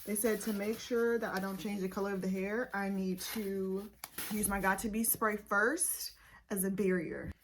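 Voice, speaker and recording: A woman's voice: mid-range voice, fairly even intonation, normal speed, a little hiss or hum. A woman chatting nervously to herself and her viewers in a casual home vlog. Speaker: beauty vlogger. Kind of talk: casual self-talk vlog. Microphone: camera set up nearby.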